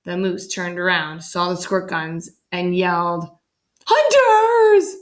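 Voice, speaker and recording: A woman reading a children's picture book aloud in an animated way, jumping up in pitch for the characters. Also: a little slow, reverberant. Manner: animated, voices the characters with big pitch jumps. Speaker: storyteller.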